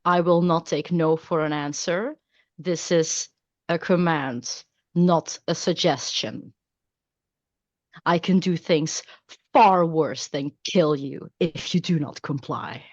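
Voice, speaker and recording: Cold necromancer, slow deliberate threats, lowish voice, dry lo-fi mic , played by a woman. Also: no echo. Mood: menacing. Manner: slow, measured commands.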